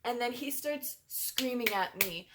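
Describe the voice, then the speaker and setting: A woman's voice: a little high, expressive, unhurried, background noise. Chatty young woman telling a story. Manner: chatty, many fillers. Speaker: vlogger. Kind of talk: storytime vlog.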